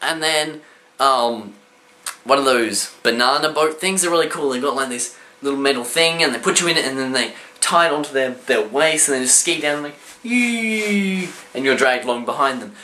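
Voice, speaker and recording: A man tells a comic personal story, throwing in sound effects and shouted voices. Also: medium pitch, a little fast, slight background noise. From Australia. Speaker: storyteller vlogger. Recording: roomy echo.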